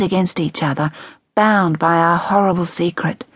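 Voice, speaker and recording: Low-pitched woman, wry and measured audiobook narration, dry close studio sound. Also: fairly even intonation, slightly rough, no room sound.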